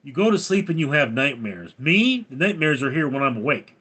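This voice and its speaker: An older man hosting a livestream, reading viewer comments aloud in a dry, deadpan way. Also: a little high, fairly quick, slightly rough. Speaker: livestream host reading chat. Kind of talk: casual livestream chat.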